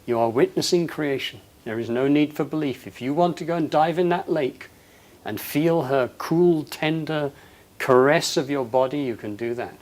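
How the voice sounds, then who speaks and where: A man giving a passionate, emphatic talk to an audience, his voice rising loud on quoted lines. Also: a little high, moderate pace. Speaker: speaker.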